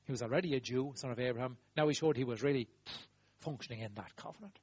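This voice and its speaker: A man preaches in a lively, husky voice that rides up high and drops low. He talks emphatically, swinging from loud exclaiming to quiet asides. The recording is dull, lo-fi and dry. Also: fast, dry recording. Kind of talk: sermon.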